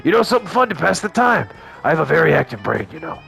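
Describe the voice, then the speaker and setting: A man's voice: on the high side, very animated, fast, vocal fry, sharp tone, soft background music, heavily acted. A man voicing an earnest, awkward teenage werewolf boy who rambles eagerly and misses every hint.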